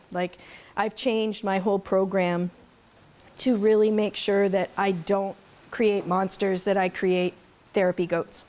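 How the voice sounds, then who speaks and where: A woman's voice: mid-range voice, a little mellow. A middle-aged woman who raises goats, speaking casually to a live audience and telling stories with laughs. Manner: chatty, laughing, storytelling with faith asides. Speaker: conference speaker, goat farmer.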